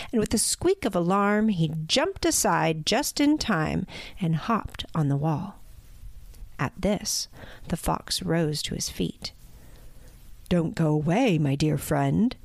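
A woman reading a storybook aloud in a measured, expressive way. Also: fairly low pitch, vocal fry, no echo. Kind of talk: scripted storybook narration.

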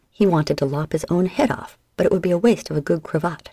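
A woman narrating an audiobook in an expressive storytelling manner. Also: deep voice, fairly quick, hardly any pauses, no room sound.

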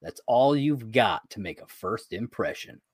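A man's voice: lowish voice, lively intonation, measured pace, slightly rough, dry recording, clean studio sound. A man co-hosting a podcast, chatting casually about a sitcom episode, rambling, laughing often and swearing now and then. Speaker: podcast co-host.

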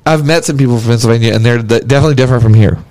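A man's voice: mid-range voice, darkish tone. A man hosting a casual interview, easygoing and teasing his guest. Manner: easygoing, teasing, drawn-out "yeah" replies. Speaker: podcast host.

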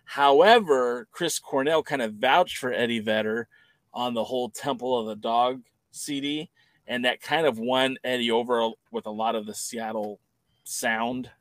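A man's voice: medium pitch, a little slow, a bit bright, no room sound. A man co-hosting a podcast, talking casually in a rambling, opinionated way that often corrects itself mid-sentence. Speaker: podcast co-host. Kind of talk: casual chat.

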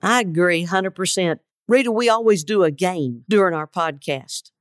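A woman hosting a podcast, chatting casually with quick reactions. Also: fairly low pitch, no room sound, studio quality. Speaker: podcast host.

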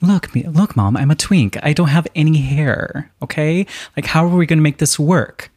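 A man voicing young Jacob as an anxious, whiny younger son, quick and a bit higher than his own voice. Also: darkish tone, dry recording, clean studio sound, close to an everyday voice. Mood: fretful. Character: young whiny smooth-skinned male Jacob.

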